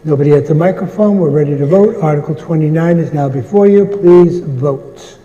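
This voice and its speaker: A man moderating a town meeting, calling articles and votes in a brisk, procedural way with light asides. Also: on the high side, dark tone, dull audio, a little hiss or hum. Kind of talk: running a public meeting. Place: large meeting hall. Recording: echoey hall with long reverb.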